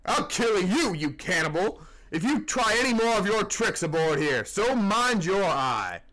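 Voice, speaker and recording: A man's voice: a little high, wildly swooping pitch, takes it slowly, slightly rough, exaggerated voice, rough recording. A man doing a roaring, gaunt sea captain. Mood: furious. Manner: roaring, threatening.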